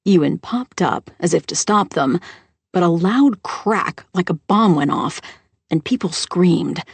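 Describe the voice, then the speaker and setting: A woman narrating a first-person mystery audiobook in a steady storytelling voice on a close microphone. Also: fairly low pitch, unhurried, gravelly, husky, dry recording.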